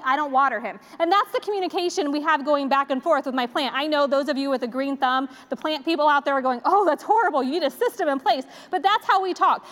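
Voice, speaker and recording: A woman's voice: high-pitched, fairly bright tone. A woman in her forties giving a conversational sermon, a chatty, self-deprecating storyteller. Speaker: church speaker. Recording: long reverb of a large hall.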